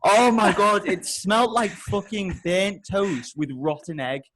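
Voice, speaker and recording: A young man on a podcast, telling a comic story with heavy swearing and loud, exasperated outbursts. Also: high-pitched, lively intonation, measured pace, slight background noise. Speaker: podcast co-host.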